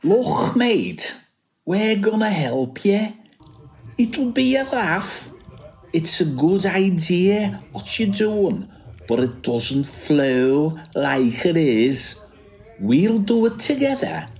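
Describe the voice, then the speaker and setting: A man's voice: high voice, sing-song, extremely slow, darkish tone, pitched above the performer's own voice, heavily acted. A man voicing a blunt, mocking middle-aged male friend who talks down to him and bosses him about. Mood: bossy. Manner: teasing, bossy, talks down.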